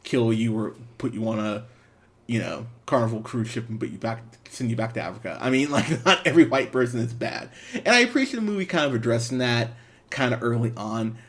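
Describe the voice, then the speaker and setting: Animated man rambling through a movie review. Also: mid-range voice, fairly quick. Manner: rambling, animated, laughs often, fillers and restarts. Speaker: podcast host, movie reviewer. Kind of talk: casual spoken movie review.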